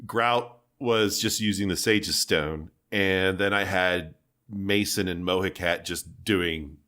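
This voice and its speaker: Low-voiced man rambling about a game. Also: takes it slowly, pushed and bright. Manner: laid-back, rambling with many fillers. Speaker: podcast co-host. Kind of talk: casual gaming podcast chat.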